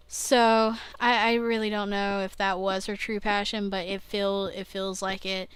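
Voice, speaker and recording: Rambling young woman, slow and dry. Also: medium pitch, level tone, smooth, no echo. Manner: rambling, self-interrupting, laughs at herself, swears casually. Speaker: vlogger. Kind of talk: casual rambling video diary.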